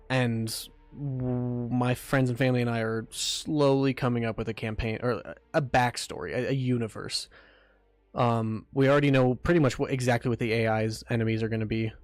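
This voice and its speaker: A man's voice: medium pitch, darkish tone, no room sound. A man chatting casually on a livestream about building his game, rambling with lots of ums and restarts while eating. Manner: rambling, many fillers and restarts. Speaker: game developer streamer.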